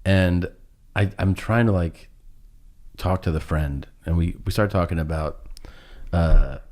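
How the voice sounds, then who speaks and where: A middle-aged man telling a long, funny personal story on a podcast. He laughs through it and pauses often. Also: low-pitched, darkish tone. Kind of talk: casual storytelling chat.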